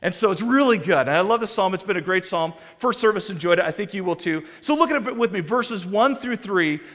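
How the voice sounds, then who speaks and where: A male pastor preaching a sermon in a conversational, animated way, with many restarts and acted quotes. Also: sits high, a little fast. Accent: American. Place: church sanctuary. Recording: long hall reverb.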